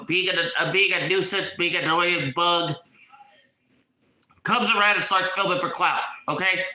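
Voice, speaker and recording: A man talking in a casual vlog with a blocked, congested nose. His voice sits high for a man and sounds very bright and sharp, with an echoey room around him. He is agitated, and he repeats himself as he hunts for his words. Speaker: YouTuber.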